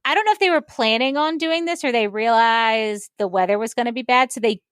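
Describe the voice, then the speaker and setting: A woman's voice: on the high side, fairly quick, clear, resonant tone, no echo, clean studio sound. A woman co-hosting a podcast, telling a story in casual chat with lots of filler words. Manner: rambling storyteller, many "like" fillers. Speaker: podcast co-host.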